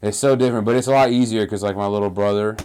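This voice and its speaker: A young man with a very low, smooth and resonant voice talks football on a casual podcast. He rambles in a laid-back way, leaning on fillers and restarts as he thinks aloud. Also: fairly even intonation, rapid-fire, a little mellow. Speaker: podcast co-host, Commanders fan. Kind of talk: casual sports podcast chat.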